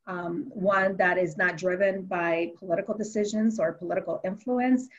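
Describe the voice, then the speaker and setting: A woman elected official giving earnest, halting panel remarks over a video call. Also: medium pitch, fairly even intonation. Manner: earnest, halting, with frequent restarts. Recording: dull lo-fi video call audio.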